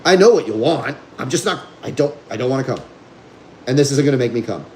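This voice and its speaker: A man's voice: mid-range voice, expressive, fast, darkish tone, roomy sound, slight background noise, close to an everyday voice. A man voicing a stubborn, defiant dog. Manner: dismissive, bored refusal.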